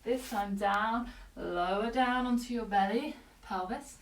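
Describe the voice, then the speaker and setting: A woman yoga teacher guiding a class with calm, breath-paced cues and short commands, slightly out of breath. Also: a little high, unhurried, slight background noise. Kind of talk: guided yoga class instruction. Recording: echoey room, voice from a distance.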